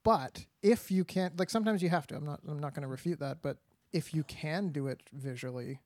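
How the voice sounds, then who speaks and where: A man's voice: on the high side, a little fast, darkish tone, no echo. A man co-hosting a movie podcast, talking in a laid-back, opinionated way. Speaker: podcast co-host. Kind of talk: casual movie podcast chat.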